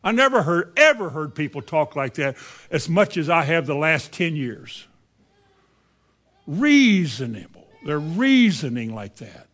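A preacher in his seventies delivers a plain-spoken sermon in a somewhat high voice. He talks to the congregation conversationally, throwing out rhetorical questions. His delivery swings between quiet low stretches and sudden high bursts. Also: big pitch swings, unhurried. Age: 70s.

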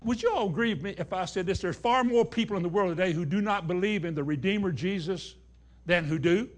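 A man preaching a sermon in a folksy way, dropping to a hush and then rising to emphatic declarations. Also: high-pitched, fast. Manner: folksy, swings between hushed and emphatic. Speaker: pastor.

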